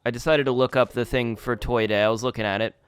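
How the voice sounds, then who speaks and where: A man's voice: medium pitch, steady tone, fast, clear, resonant tone. A man casually commenting on his game as he plays, rambling and chatty with lots of restarts. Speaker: gaming YouTuber.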